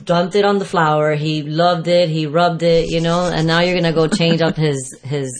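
Woman, fitness trainer, deep voice, rambling, self-correcting, casual advice. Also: steady tone, moderate pace.

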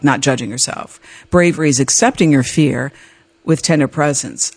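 A woman hosting a podcast, telling a personal story in an emotional, animated way, with laughs and restarts. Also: sits low, dry recording. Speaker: podcast host.

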